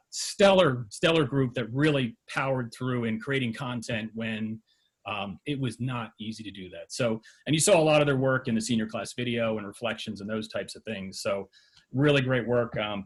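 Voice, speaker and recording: Male, middle-aged, school media teacher; loose spoken remarks at a board meeting, lots of fillers. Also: medium pitch. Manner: conversational, with frequent fillers and restarts. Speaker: high school TV program advisor.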